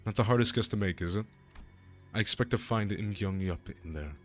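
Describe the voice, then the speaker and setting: A man voicing a composed, formal game character in a measured, solemn way. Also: lowish voice, soft background music, close to an everyday voice.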